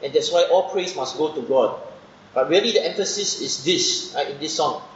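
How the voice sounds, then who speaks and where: In a dull, muffled recording from an echoey room with faint background noise, a man with a fairly high pitch and lively intonation preaches at normal speed. He's teaching scripture in a Bible study sermon, working through it step by step and frequently asking "right?" to check in.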